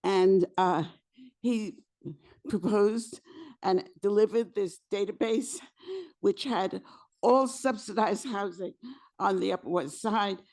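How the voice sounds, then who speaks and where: Slow, hoarse woman. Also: medium pitch, darkish tone. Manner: slow, halting delivery with fillers and restarts. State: losing her voice. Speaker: housing committee co-chair. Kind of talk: public meeting presentation. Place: community board meeting room.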